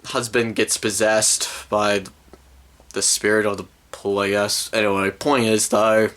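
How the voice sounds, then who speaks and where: A man's voice: lowish voice, little pitch movement, unhurried, fairly bright tone. A man ranting through a movie review in an exasperated, rambling way full of fillers. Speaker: film reviewer.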